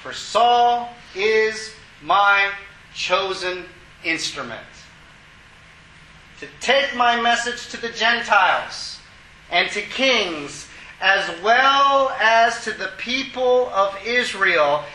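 The solemn, commanding voice of the Lord, as a male preacher reads it aloud in a sermon. Each line is measured and firm, in a high, bright voice. The sound echoes around a roomy room. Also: animated, exaggerated voice.

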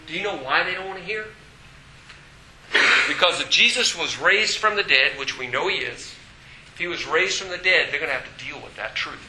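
A man preaching a sermon as pastor, animated, breaking into shouts and acted quotes. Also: fairly high pitch, normal speed, roomy sound, noisy background.

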